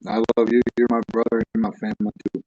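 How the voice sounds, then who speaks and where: A man's voice: on the low side, completely flat delivery, fast talker, darkish tone, dull audio. A plainspoken man, a wrestling promoter and trainer, talking casually and a little choked up. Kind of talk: casual chat.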